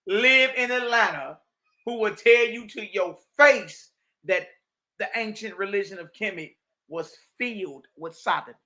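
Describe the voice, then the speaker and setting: Bright high-voiced man preaching emphatically. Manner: emphatic, streetwise preaching, reading texts aloud. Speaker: Bible teacher. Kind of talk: livestreamed religious teaching.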